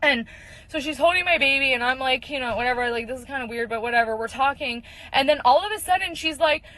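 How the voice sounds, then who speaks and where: A young mother tells a long personal story, casual and full of fillers. Her voice sits a bit high for a woman, and she slips into quick impressions of the people she met. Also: pushed and bright, no echo, rough recording. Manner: chatty, lots of fillers, quotes people in voices.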